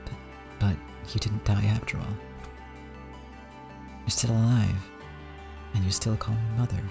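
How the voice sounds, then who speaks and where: A man's voice: on the low side, flat delivery, a little slow, vocal fry, music in the background. A man reading aloud as a proud middle-aged woman, bitter and anguished, accusing and then pleading. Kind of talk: reading a visual novel aloud.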